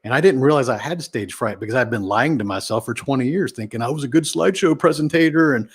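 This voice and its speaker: A man being interviewed as a guest on a podcast, talking casually and animatedly, shifting his pitch and volume for emphasis. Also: animated, fast talker, slightly rough.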